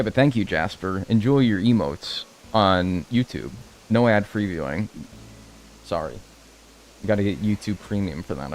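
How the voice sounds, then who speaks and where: A man streams gameplay live, joking, swearing freely and chatting casually with his viewers while thanking subscribers. His voice is fairly low, with a little hiss or hum in the recording.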